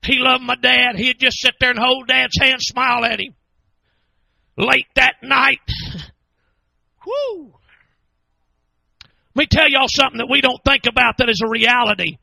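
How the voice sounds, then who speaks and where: A man preaching a fervent sermon in a church, telling a story and often shouting. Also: extremely high pitch, steady tone, moderate pace, creaky, no echo, low-quality recording.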